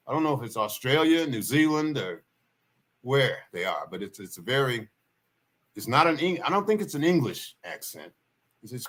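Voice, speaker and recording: A man's voice: mid-range voice, sing-song, moderate pace, pushed and bright. A man hosting a livestream, telling stories in a folksy, rambling way and repeating his key points. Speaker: livestream host. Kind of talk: casual spoken storytelling.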